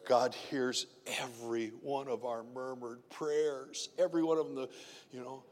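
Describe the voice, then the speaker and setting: A man's voice: mid-range voice, a little slow. Guy preaching, chatty then dropping to near whispers, long echo hanging in the room. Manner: conversational, swings from loud emphatic questions to soft murmurs. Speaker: pastor. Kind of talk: sermon.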